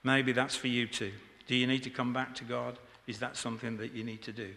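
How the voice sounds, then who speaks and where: A man's voice: mid-range voice, little pitch movement, a little fast, gravelly, sharp tone. A man preaching an informal sermon in church, chatty and joking with the congregation. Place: church hall. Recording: echoey church hall.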